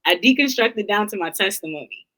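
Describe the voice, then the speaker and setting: A woman's voice: medium pitch, animated, brisk, a loud crowd, rough recording. A young adult woman, an interview guest, talking candidly and thoughtfully in long, run-on reflections. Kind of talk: candid casual conversation.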